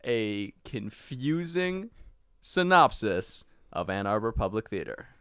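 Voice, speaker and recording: A man's voice: lowish voice, big pitch swings, takes it slowly, fairly bright tone, clean tone, dry recording, studio quality. A man co-hosting a comedy podcast, throwing in wry questions and asides. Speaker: podcast co-host. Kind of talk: improvised comedy banter.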